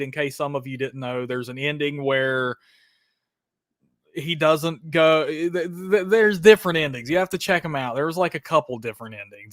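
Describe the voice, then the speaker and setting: A man's voice: on the high side, fairly bright tone, dry recording, studio quality. A man hosting a live horror trivia stream, hyped and chatty, calling viewers brother and dude.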